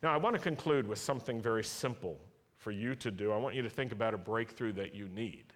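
A male pastor leading his congregation in prayer during a sermon, slow and deliberate, with repeated call-and-response lines. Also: lowish voice, fairly bright tone. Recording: long hall reverb.

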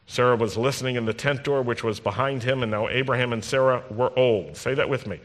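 Bright-voiced rabbi preaching in a hall. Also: male voice, medium pitch, fairly quick, few pauses. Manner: conversational preaching, teasing the congregation, addresses listeners directly. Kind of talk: sermon. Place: congregation hall. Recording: long reverb in a large hall.

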